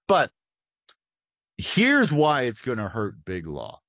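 A man's voice: mid-range voice, wildly swooping pitch, slow, a bit bright, no echo, clean studio sound. An older man, a retired lawyer, speaking as a guest on a radio interview in a thoughtful, casual way with restarts.

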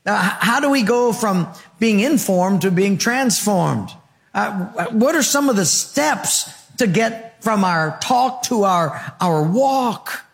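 A man's voice: high-pitched, lively intonation, slow pace, vocal fry. A man preaching a sermon as pastor, in rhythmic repeated phrases and short punchy lines, telling stories with good humor.

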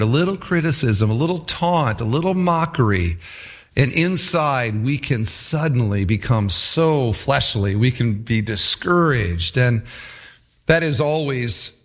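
Animated preaching man with a lively voice. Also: medium pitch. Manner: animated preaching, voicing the taunts of biblical characters. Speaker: pastor. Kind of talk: sermon.

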